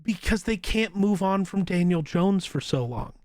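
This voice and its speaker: A man's voice: sits high, expressive, normal speed, darkish tone, dry recording. A man co-hosting a podcast in casual sports chat, with teasing, dry, blunt takes. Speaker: podcast co-host.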